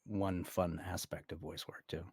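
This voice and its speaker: A man's voice: low voice, level tone, a little slow, creaky, slightly rough, dry recording, studio quality. A middle-aged man, a voice actor, chatting playfully in an interview, laughing often and slipping into goofy voices for quotes. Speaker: guest voice actor. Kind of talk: casual interview chat.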